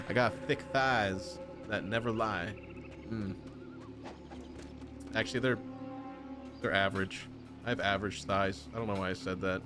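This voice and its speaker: A man's voice: lowish voice, fairly even intonation, measured pace, pauses often. A man streaming a video game, chatting casually with viewers in joking, rambling, self-mocking banter. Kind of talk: casual live-stream chat. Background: game music.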